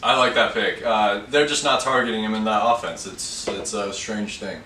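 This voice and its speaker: A man's voice: lowish voice, normal speed, sharp tone. A man co-hosting a sports betting podcast in casual chat, walking through stats to back up his picks. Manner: lays out stats and reasons plainly. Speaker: podcast co-host. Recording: echoey room, distant mic, faint hiss.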